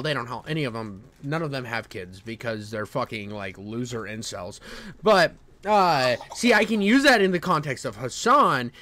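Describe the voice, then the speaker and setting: High-voiced man ranting crudely. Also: a bit bright. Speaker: streamer reacting to videos. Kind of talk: profane reaction commentary.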